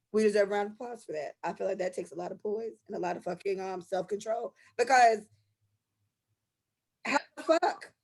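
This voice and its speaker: A woman's voice: mid-range voice, vocal fry, slightly rough. A young woman co-hosting a casual podcast, telling stories in an impassioned, profane way. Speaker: podcast co-host.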